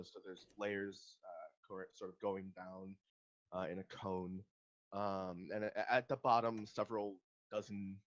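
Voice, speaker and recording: A man's voice: lowish voice, muffled recording. A man narrating a tabletop game as game master, hesitant with many ums and restarts.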